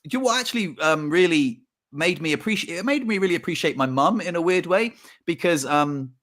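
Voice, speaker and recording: A man's voice: fairly high pitch, expressive, brisk, a bit bright. A man, co-hosting a casual podcast chat and telling a reflective personal story. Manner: reflective storytelling, acts out his own thoughts. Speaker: podcast co-host.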